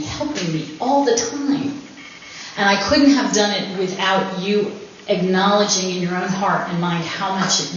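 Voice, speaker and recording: Woman, party speech, joking, laughs a lot, mid-pitched, roomy hall, ambient background hum. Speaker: speaker at her own anniversary party. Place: winery event room. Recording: very echoey, dull room recording with ambience.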